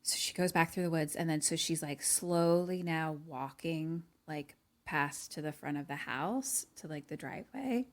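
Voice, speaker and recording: A young woman co-hosting a casual podcast, retelling a film scene by scene and acting out the characters' lines, with many fillers. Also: moderate pace. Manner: animated storytelling, acts out lines in a higher voice, many "like" fillers. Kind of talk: casual chat.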